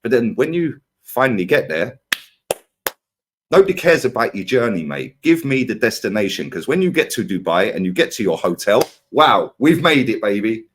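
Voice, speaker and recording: A man's voice: lowish voice, normal speed, a little hiss or hum. A man ranting in a heated football fan debate, firing rhetorical questions at his co-host. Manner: ranting, animated, rhetorical "yeah?" and "right?".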